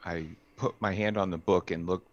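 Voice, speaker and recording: A man's voice: low-pitched, steady tone, normal speed, muffled recording. A man playing a tabletop game, speaking hesitantly as he thinks aloud. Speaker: player.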